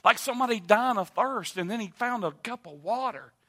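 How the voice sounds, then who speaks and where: A man preaching a sermon in a church, moving from quiet teaching to loud, impassioned appeals. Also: a little fast. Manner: builds from low calm to loud impassioned preaching. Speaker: pastor. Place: church sanctuary.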